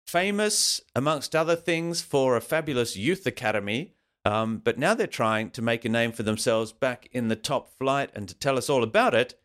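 A man's voice: mid-range voice, lively intonation, moderate pace, fairly bright tone. A man hosting a football podcast in a playful, jokey, promotional way. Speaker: podcast host.

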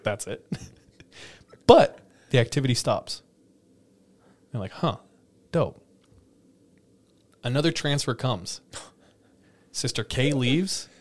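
Male podcast host, mid-pitched, animated storyteller who laughs a lot and acts out quotes; casual chat.

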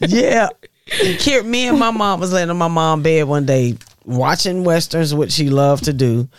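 A middle-aged woman, a mother, telling family stories in a casual, animated way, swearing freely and laughing as she goes. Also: sits low, measured pace, no room sound, studio quality. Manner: animated, profane storytelling with laughs. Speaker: mother of the guests, podcast guest.

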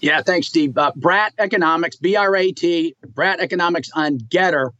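Male economics guest, slightly high voice, upbeat, dull lo-fi remote line. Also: normal speed, bright, forceful tone, dry recording. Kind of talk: remote guest on a talk show.

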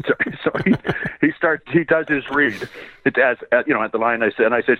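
A man's voice: medium pitch, brisk, dry recording. A man from Canada, a voice actor guest, telling rambling anecdotes with frequent chuckles in a casual interview. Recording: tinny phone-like line, dry.

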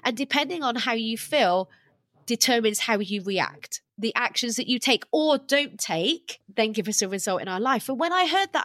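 A woman, a podcast guest and life coach telling her own story candidly over a video call, animated and self-deprecating. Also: on the high side, normal speed, no echo. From England.

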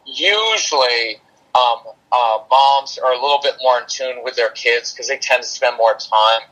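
A man's voice: mid-range voice, measured pace, sharp tone, poor audio. A man talking as a parenting coach and podcast guest, practical and plain-spoken, with a dry sarcastic streak and a habit of explaining through analogies. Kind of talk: casual podcast conversation.

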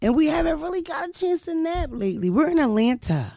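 A woman's voice: high-pitched, fairly quick, dry recording, clean studio sound. Brash, profane woman hosting a podcast. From Philadelphia. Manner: loud, brash, animated, profane. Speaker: podcast host. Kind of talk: casual chat.

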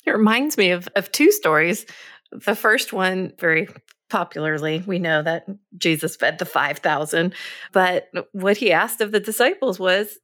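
A woman's voice: fairly low pitch, expressive, normal speed, a bit bright, no room sound. A woman co-hosting a podcast, telling a story casually and laughing often. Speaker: podcast co-host.

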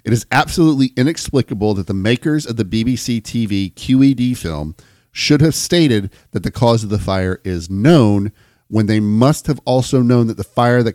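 An American man with a fairly low voice reads long accounts aloud for a chatty podcast, tripping over a word here and there and restarting. The sound is dry and close, with no room in it. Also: a little mellow, dry recording. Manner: reads long passages, stumbles and restarts, jokes along. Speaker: podcast co-host. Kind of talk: casual chat, reading aloud.

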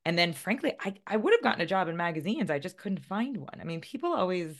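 A woman's voice: lowish voice, very animated, fast talker. A woman in her forties, a guest author, chatting in an interview, self-deprecating and laughing often. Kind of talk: casual interview conversation.

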